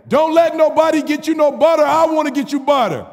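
Fatherly, commanding God put on by a preacher, raised and shouted, echoing sanctuary. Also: very high voice, a little fast, voice pushed up. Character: God, a booming fatherly male deity. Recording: reverberant hall.

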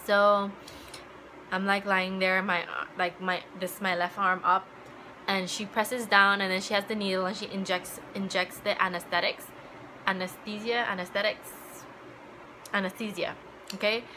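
Bright-voiced young woman, chatty vlog storytelling. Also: mid-range voice, flat delivery, moderate pace, a little hiss or hum, poor audio. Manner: chatty, full of "like" fillers, acts out remembered dialogue. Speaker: vlogger. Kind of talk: casual personal storytelling.

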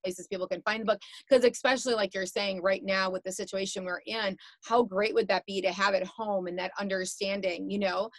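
A woman's voice: medium pitch, fairly even intonation, brisk, few pauses, no room sound. Chatty woman host, encouraging, dry close sound. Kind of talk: interview host questions.

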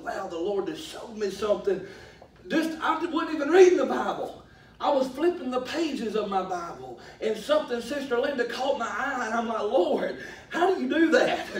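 A middle-aged man preaching a sermon in a folksy way, rising to drawn-out shouts. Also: high-pitched. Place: church sanctuary. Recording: echoey church from far off.

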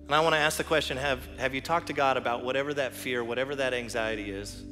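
Male pastor, bright voice, earnest storytelling sermon, echoing church hall with soft music behind. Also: mid-range voice, steady tone, fast. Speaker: teaching pastor. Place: church sanctuary.

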